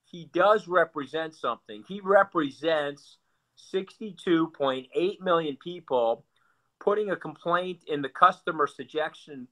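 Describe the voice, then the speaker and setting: Man, political guest, blunt, sarcastic, repeats himself, bright forceful voice. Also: on the high side, a little slow. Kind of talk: animated political talk.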